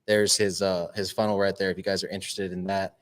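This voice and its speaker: Male podcast host, fairly low voice, agreeable, affirming, chatty. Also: flat delivery, fast talker. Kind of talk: casual podcast interview.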